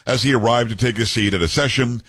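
Man, radio host in studio, husky voice, blunt and opinionated. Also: mid-range voice, fast, a bit bright. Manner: blunt, reads news aloud and editorializes. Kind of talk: opinionated talk radio commentary.

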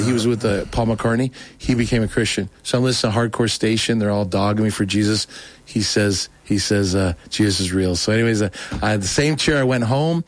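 A man's voice: medium pitch, no room sound. Rambling man telling his testimony. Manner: rambling, acts out quotes, stumbling restarts. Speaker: guest. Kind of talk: telling a personal testimony story.

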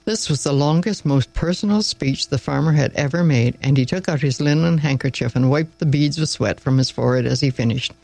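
A man hosting a story reading, narrating in a calm, measured way. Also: fairly high pitch, vocal fry, poor audio. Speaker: storyteller host.

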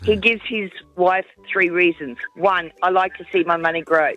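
A woman calling a radio show and delivering a joke with punchy, deadpan timing. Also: fairly low pitch, moderate pace, no echo, highs cut off. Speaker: caller. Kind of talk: telling a joke on air.

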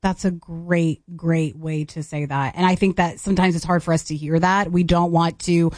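A woman's voice: on the low side, steady tone, moderate pace, darkish tone, no echo, studio quality. A young adult woman hosting an interview, affirming and encouraging her guest. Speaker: host. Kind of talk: podcast interview.

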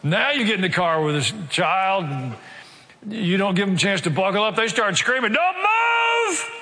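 A man preaching a sermon as pastor, earnestly asking his congregation rhetorical questions and slowing down to stress key points. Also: high voice, in a large hall, background noise. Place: church sanctuary.

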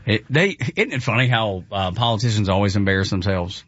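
A man co-hosting a radio sports talk show, agreeable and quick to laugh. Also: on the low side, animated, a bit bright, dry recording, dull audio. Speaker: radio co-host. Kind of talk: casual radio chat.

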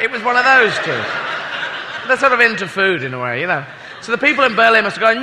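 A man's voice: high voice, very animated, quick pace. A British man doing a rambling, self-mocking stand-up comedy set before a live audience. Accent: British English. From Britain. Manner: rambling, self-mocking, slips into silly voices. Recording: echoey hall with audience noise.

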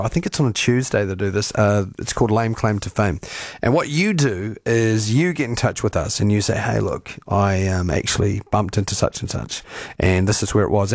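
A man hosting breakfast radio, talking in a relaxed, rambling way with fillers and restarts. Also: medium pitch, no room sound, clean studio sound. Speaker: radio host.

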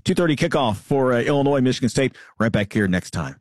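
A man's voice: medium pitch, expressive, fast talker, darkish tone, no room sound, clean studio sound. A man hosting a sports radio show, leading the weekly picks in a casual, upbeat way with frequent fillers. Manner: hesitant, many fillers, upbeat. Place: radio studio.

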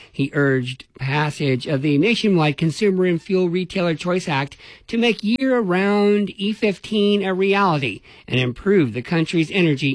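A man's voice: fairly high pitch, no echo. Man reading radio news, dry studio sound. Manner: even, measured newsreader delivery. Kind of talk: read news bulletin.

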